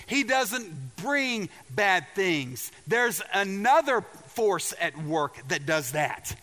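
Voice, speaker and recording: A man's voice: sits high, very animated, takes it slowly, fairly bright tone, in a large hall. A man preaching a sermon as pastor, emphatic, repeating his words and asking the congregation questions.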